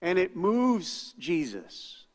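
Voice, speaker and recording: High-voiced pastor preaching in reverberant church. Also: male voice, huge pitch swings, drawn-out words. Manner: conversational, self-deprecating preaching with asides. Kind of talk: sermon. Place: church sanctuary.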